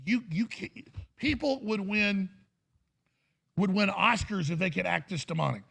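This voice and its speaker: A man hosting a talk show, ranting fervently and bursting into shouted impressions. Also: sits high, unhurried, gravelly. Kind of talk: impassioned talk show rant.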